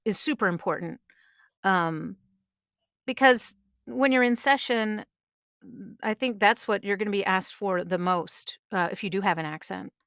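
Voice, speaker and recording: A middle-aged woman speaks as a guest on a podcast with earnest conviction, pressing her points with emphasis. Her voice is smooth and resonant. The sound is close and dry. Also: mid-range voice, measured pace, pauses often, fairly bright tone, no echo. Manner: earnest, emphatic advice-giving. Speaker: voice actress guest. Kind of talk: conversational interview. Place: podcast studio.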